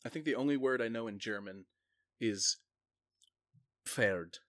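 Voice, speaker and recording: A young man co-hosting a casual movie podcast, speaking in a hesitant, dry and halting way. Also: on the low side, fairly bright tone. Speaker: podcast co-host.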